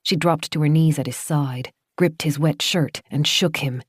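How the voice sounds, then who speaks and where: A woman narrates a horror audiobook in a low, steady voice. Her delivery is measured and even. The studio recording is close and dead dry. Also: slightly rough, no echo.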